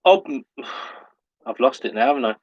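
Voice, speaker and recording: A man hosting an online pub quiz, reading each question slowly and repeating it, and laughing at himself when he stumbles over a word. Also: medium pitch, expressive, dull audio. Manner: self-mocking when tongue-tied. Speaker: quiz host.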